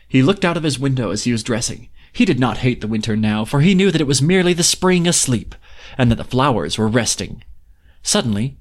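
A man narrates a fairy tale in an even, expressive voice. In conversation he turns chatty and relaxed, often restarting his sentences. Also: medium pitch. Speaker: podcast host and reader. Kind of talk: expressive story reading, then casual chat.

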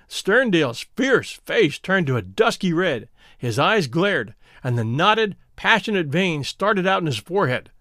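A man narrating a classic detective story in an expressive, dramatic audiobook reading. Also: fairly high pitch, no echo, studio quality.

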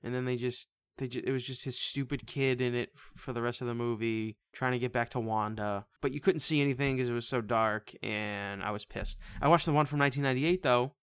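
Guy ranting about a movie, swears a lot, smooth clear voice, dry close mic. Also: medium pitch, fairly quick, hardly any pauses, dry recording. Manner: rambling, swears freely, animated retelling. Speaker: podcast co-host. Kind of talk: casual movie review chat.

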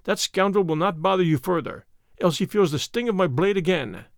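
A man's voice: sits high, expressive, brisk, vocal fry, dry recording, studio quality. A man voicing a bold, proud masked male outlaw in an audiobook reading, commanding and scornful. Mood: gallant. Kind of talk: audiobook character voice.

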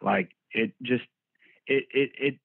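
A man's voice: medium pitch, takes it slowly, vocal fry, slightly rough, no echo. A man from Texas with a Texan accent, a band musician telling stories in a laid-back, profane, rambling way. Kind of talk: casual interview storytelling. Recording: tinny phone-like remote line.

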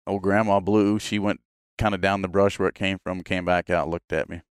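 Deep-voiced man telling hunting stories. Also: fairly quick, clear, resonant tone, no room sound, studio quality. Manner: laughing, animated storyteller doing quoted voices. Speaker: podcast guest. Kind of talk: casual storytelling.

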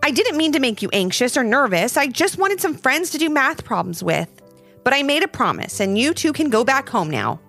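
A woman's voice: high-pitched, big pitch swings, brisk, gravelly, a bit bright, soft background music, voice pushed up, full character voice. A woman reading a children's storybook, voicing a grumpy, smug male math master with a curt, annoyed manner. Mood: sad.

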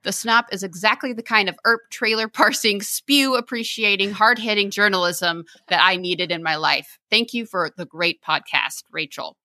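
A woman's voice: medium pitch, normal speed, hardly any pauses, pushed and bright, no echo. A woman co-hosting a podcast, reading a listener letter and chatting about a pet photo. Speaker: podcast co-host. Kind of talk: casual chat, reading listener mail.

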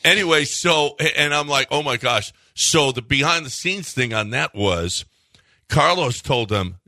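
A man hosting sports talk radio, telling stories with lively acted-out quotes. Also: mid-range voice, measured pace, no room sound. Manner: animated storyteller, acts out quotes loudly.

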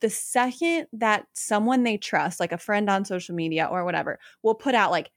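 A woman's voice: mid-range voice, lively intonation, normal speed, few pauses, dry recording, clean studio sound. A woman hosting a casual interview chat, talking in a chatty, reflective way. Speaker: podcast host.

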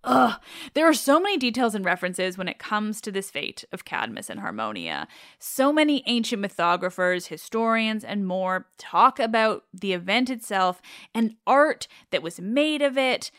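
A woman's voice: medium pitch, big pitch swings, normal speed, fairly bright tone, no room sound, clean studio sound. A woman retelling an old myth in an informal way, openly enthusiastic and affectionate about her subject. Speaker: mythology presenter.

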